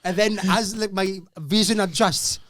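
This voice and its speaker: A man telling a comedy gig story on a podcast, animated and swearing as he acts out the people in it. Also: high-pitched, measured pace. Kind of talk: casual podcast anecdote.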